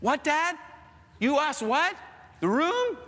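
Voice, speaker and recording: A man voicing distracted children who pretend not to have heard, in a high, whiny put-on voice. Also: very animated, slow pace, pushed and bright, in a large hall, heavily acted. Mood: whiny, feigning confusion. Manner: high, whiny, feigned confusion. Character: distracted feigning-innocent kids, boy or girl.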